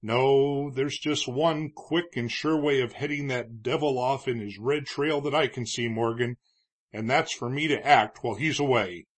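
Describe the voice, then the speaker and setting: A man's voice: medium pitch, natural voice. A man reading a worried old judge. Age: older. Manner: earnest, pleading. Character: elderly male town judge, worried and shrewd.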